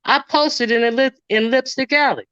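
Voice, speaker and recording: A woman's voice: high voice, normal speed, a bit bright, no echo, highs cut off. A woman giving casual ranting commentary, indignantly retelling online arguments and acting out what others said. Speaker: commentary streamer.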